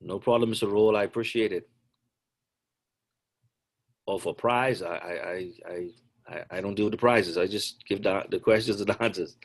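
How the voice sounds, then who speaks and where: A man's voice: lowish voice, normal speed, pauses often. A middle-aged man, a basketball coach, answering questions on a video call in a chatty, joking way.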